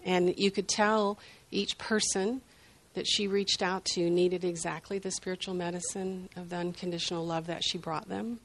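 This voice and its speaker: An older grandmother telling a heartfelt personal story in an unhurried, reflective way. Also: on the low side, level tone. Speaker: group sharer.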